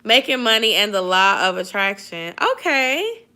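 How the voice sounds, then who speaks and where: Bright-voiced sleepy woman livestreaming. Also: mid-range voice, big pitch swings, moderate pace, clean tone. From Atlanta area, US. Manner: chatty, sisterly advice, drawling slang. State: sleepy, yawning. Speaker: YouTube livestream host. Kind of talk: casual livestream chat reading viewer comments.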